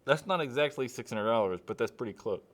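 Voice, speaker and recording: Young guy doing a live q&a, lots of "like" and "i don't know", bouncy lively voice. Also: medium pitch, fast talker. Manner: rambling, hesitant, many fillers and laughs. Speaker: channel host answering live chat. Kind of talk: casual live-stream Q&A.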